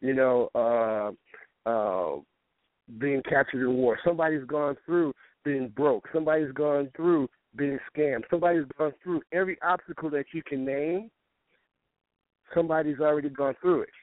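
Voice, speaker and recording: A man's voice: a little high, moderate pace, no echo. A male fitness coach hosting a casual podcast talk. He rambles, restarts his words and tells stories with quoted back-and-forth. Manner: rambling, repeats words when starting sentences. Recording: tinny phone-line audio, dry.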